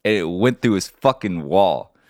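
A man's voice: low voice, animated, moderate pace. A man telling a rambling story in a casual podcast chat, swearing freely. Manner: rambling storyteller, swears a lot, gets loud telling stories. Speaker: podcast co-host.

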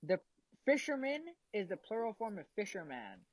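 A young woman chatting on her vlog in a bouncy, animated voice. She rambles with plenty of fillers, giggles often and talks around a mouthful of food. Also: mid-range voice, moderate pace, no echo, low-quality recording. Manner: eating while talking. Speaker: vlogger. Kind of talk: casual chat.

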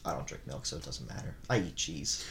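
A man's voice: very deep voice, expressive, brisk, vocal fry, a bit bright. A man co-hosting a casual podcast, easygoing and curious, asking the questions and musing aloud. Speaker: podcast co-host. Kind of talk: casual chat.

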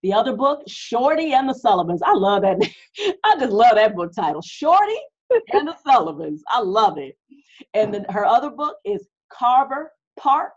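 A woman's voice: fairly high pitch, big pitch swings, moderate pace, muffled recording. A woman hosting a podcast, enthusiastic and affirming, talking straight to her listeners in a casual chat. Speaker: podcast host.

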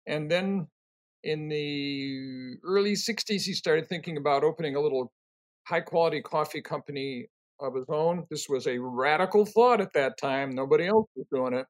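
An older man answering interview questions, telling rambling, animated stories full of fillers and restarts. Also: a little high, normal speed. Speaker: interview guest, company co-founder.

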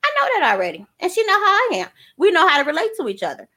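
An energetic woman talks in a casual chat, high-pitched and emphatic. Her voice is bright and lively, and she keeps repeating her points to drive them home. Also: racing. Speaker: transparency coach.

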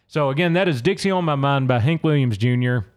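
On his solo podcast, a Louisiana host with a mid-range voice works briskly through a song's lyrics. He keeps it casual and conversational, reading lines aloud and then explaining them.

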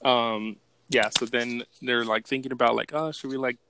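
A man's voice: medium pitch, fairly even intonation, moderate pace, noisy background. A man co-hosting a podcast in casual chat, laid-back and laughing as he recaps a movie. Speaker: podcast co-host.

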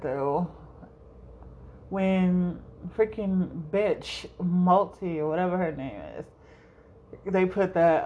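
A young woman talks slowly through a casual solo podcast, rambling, cursing and laughing as she goes. Her voice sits a little low and mellow, with a faint hum of room ambience behind her. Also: highs cut off. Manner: rambling, swears freely, laughs often. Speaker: podcast host.

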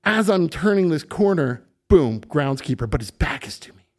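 A middle-aged man, a podcast guest, casually telling an animated story and swearing freely. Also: fairly high pitch, moderate pace. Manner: animated, swears freely, acts out voices in quotes.

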